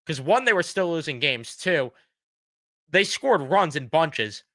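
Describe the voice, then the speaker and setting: A man's voice: on the high side, very animated, a little slow, pushed and bright, no room sound, studio quality. A man hosting a fan reaction show, ranting bluntly and sarcastically about his team while losing his voice. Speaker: sports fan show host.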